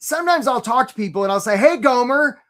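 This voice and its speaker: A man hosting a live career-coaching webinar, talking in an energetic, chatty way and often asking "right?". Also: extremely high pitch, racing.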